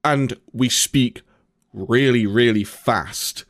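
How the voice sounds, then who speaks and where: A man with a Nottingham accent talks in a loose, sweary, animated way. His voice sits at an ordinary pitch. It is recorded close and dry, with no room sound. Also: takes it slowly, no echo. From Nottingham, England. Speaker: podcast co-host and gigging musician. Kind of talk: casual chat.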